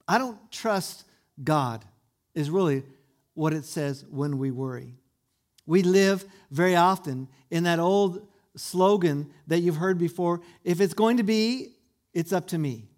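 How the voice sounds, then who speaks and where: A man's voice: a little high, darkish tone. A male pastor delivering a sermon to a congregation in a church, earnest and full of rhetorical questions.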